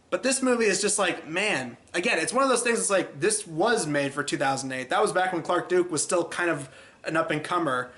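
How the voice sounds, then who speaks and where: A man's voice: fairly high pitch, pushed and bright. A man hosting a casual film review, chatty and exasperated, acting out scenes as he goes.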